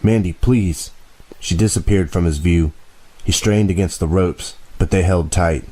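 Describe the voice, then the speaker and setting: A man narrating a horror audiobook in a steady, even storytelling voice. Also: deep voice, moderate pace, rough recording.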